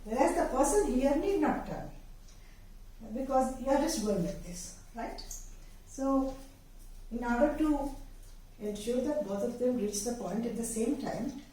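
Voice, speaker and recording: A woman gives patient, step-by-step dance instruction and stops often to demonstrate. Her voice is a little high and mellow. It is picked up from across a very echoey room, with faint noise behind it. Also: recorded from a distance. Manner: patient, explanatory, pauses with fillers while demonstrating. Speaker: dance teacher.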